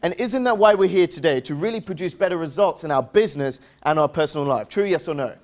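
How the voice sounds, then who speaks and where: High-pitched, upbeat English man presenting. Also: lively intonation, quick pace. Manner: upbeat, drills the crowd with call-and-response questions; playful, teasing jokes. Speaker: seminar presenter. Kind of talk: interactive motivational seminar talk.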